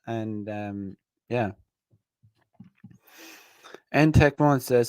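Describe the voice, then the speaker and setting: A man's voice: mid-range voice, normal speed, no room sound, clean studio sound. Blunt, profane man rambling on a podcast. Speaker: podcast host. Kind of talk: casual livestream monologue.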